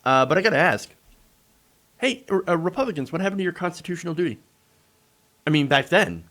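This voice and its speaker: Sarcastic man, lively swinging pitch. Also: brisk, pauses often. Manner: sarcastic, mocking. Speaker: political commentary host. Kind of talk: casual political commentary.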